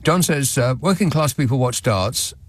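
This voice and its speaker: Dry, sardonic radio host. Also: male voice, medium pitch, expressive, moderate pace. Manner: dry, sardonic, wry chuckles. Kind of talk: talk radio, reading out listener messages. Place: radio studio. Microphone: studio microphone.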